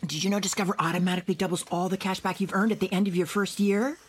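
A woman acting a coffee shop customer in a comic ad, talking rapidly, pushy and repetitive. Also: mid-range voice, fairly even intonation, a little hiss or hum, lightly acted. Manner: rapid, pushy, repeats herself.

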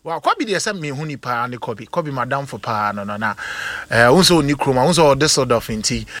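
A man with a Ghanaian accent hosting a call-in radio show, giving hyped shout-outs and blessing a caller. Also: medium pitch, lively intonation, fairly quick, dry recording. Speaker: radio host. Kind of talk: call-in birthday show, English and Twi mix.

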